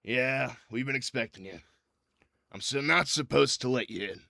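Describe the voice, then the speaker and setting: A man's voice: medium pitch, moderate pace, vocal fry, pushed and bright, dry recording, clean studio sound, voice pushed up. A man voicing a nervous male city gate guard who talks in a placating, flustered way.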